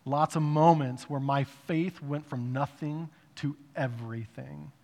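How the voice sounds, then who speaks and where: A man sharing a spoken faith testimony in an earnest, emphatic way, with short pauses and fillers. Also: a little high, steady tone, vocal fry, darkish tone, long reverb tail.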